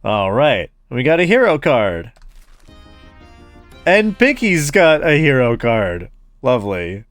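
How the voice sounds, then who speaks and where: Lively man voicing a game playthrough. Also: fairly high pitch, takes it slowly, dry recording, faint music behind. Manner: reads every character aloud, switching voices; jokey, laughs at the game. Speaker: gaming YouTuber. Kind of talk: let's play, voicing game dialogue.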